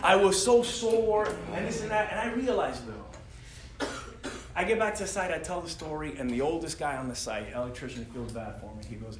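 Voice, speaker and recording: A man telling a comic story, animated and laughing as he goes, with plenty of slang. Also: on the high side, a little fast, heavy background noise. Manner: animated, laughing through his lines, slangy with lots of "bro". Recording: roomy sound with loud audience laughter.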